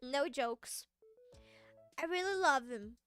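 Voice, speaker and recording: A woman's voice: high voice, lively intonation, slow, a bit bright, soft background music. A woman streamer chatting casually and playfully with her viewers, giggling and stumbling over restarts. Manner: playful, giggly, answers chat with stammering restarts. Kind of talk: casual livestream chat.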